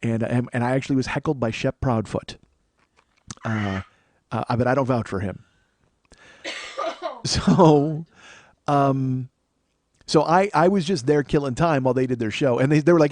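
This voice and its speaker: A man's voice: mid-range voice, normal speed, pauses often, a little mellow, no echo. A man in his forties from Chicago, a podcast host riffing through a sarcastic, profane comedic monologue in a small studio.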